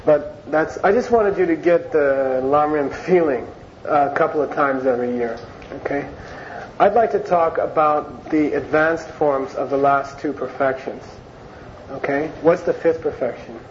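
A man's voice: on the high side, unhurried. A man teaching an informal Buddhist class in a conversational way, often repeating words and phrases for emphasis. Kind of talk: informal Dharma class lecture. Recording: dull lo-fi recording with faint hiss.

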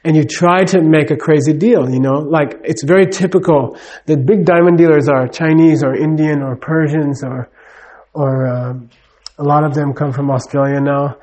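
A man's voice: on the high side, steady tone, moderate pace, a little mellow. A middle-aged man giving a casual, rambling talk, full of fillers and "you know what I mean". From United States.

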